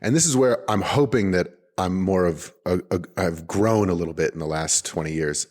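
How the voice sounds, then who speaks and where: A man in his forties with a lowish voice talks loosely on an unedited podcast. He is upbeat and looks forward, circling his point with "like" and false starts. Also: normal speed, darkish tone. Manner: rambling, upbeat, peppered with "like" and restarts. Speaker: podcast co-host. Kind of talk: casual unedited chat.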